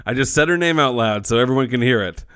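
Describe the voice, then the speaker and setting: A man's voice: medium pitch, lively intonation, quick pace, fairly bright tone, clear, resonant tone, natural voice. A man voicing a smug, self-satisfied male lawyer in a joking podcast recap.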